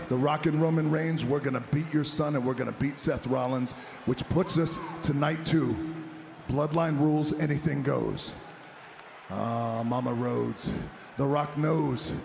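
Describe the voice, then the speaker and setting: A man cutting a menacing wrestling promo, taunting an opponent and speaking of himself in the third person, swinging from low growls to shouts. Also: gravelly. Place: large arena. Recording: roomy arena sound, faint crowd noise.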